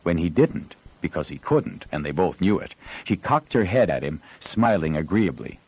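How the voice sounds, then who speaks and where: A man reading an audiobook in an expressive storytelling manner, shifting his voice for the characters. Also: low voice, moderate pace, breathy edge, highs cut off. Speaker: audiobook narrator. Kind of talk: scripted audiobook narration.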